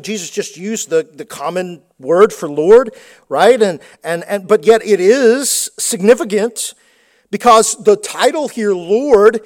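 A man preaching a sermon, emphatic and repeating words for stress. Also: high voice. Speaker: pastor.

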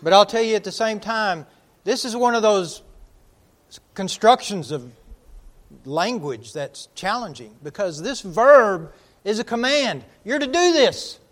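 A man with a notably high speaking voice delivers a sermon. He preaches emphatically, swelling into loud declarations and then sinking almost to a murmur. He slows right down on the words he wants to land. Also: expressive.

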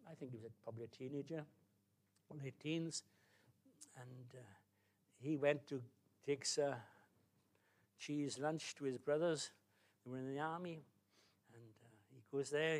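A man preaching a sermon, telling a Bible story in an animated, exclamatory way. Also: medium pitch.

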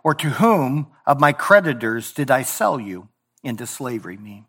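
A male pastor preaching a sermon in a church, voicing scripture and God's words with swings from loud emphasis to hushed tones. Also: medium pitch, big pitch swings, normal speed, slightly rough. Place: church sanctuary.

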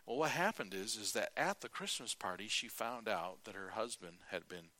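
A middle-aged man preaching with a bright, forceful voice pitched a little low. He tells folksy stories and acts out the people in them. He often stops to clear his throat. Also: expressive, normal speed. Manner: folksy storytelling, acting out quotes. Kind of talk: sermon.

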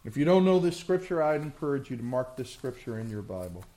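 A male pastor preaching a sermon with passion, swinging from loud surges to hushed, drawn-out words. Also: medium pitch, big pitch swings.

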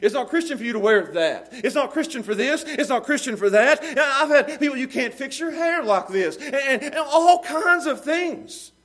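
A man preaching a sermon with animated delivery, swinging between loud emphasis and low, quiet passages, laughing often as he talks. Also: normal speed, few pauses.

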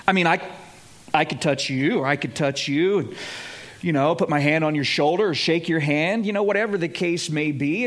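A male pastor giving a sermon in a conversational, animated storytelling manner with dramatic pauses. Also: high-pitched.

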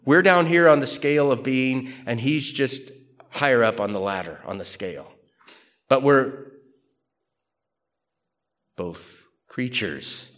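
A man's voice: medium pitch, takes it slowly, long pauses. A man giving a conversational theology lecture, reading quotations aloud and questioning them. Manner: animated, conversational, reads quotes aloud. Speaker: theology teacher. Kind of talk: classroom lecture.

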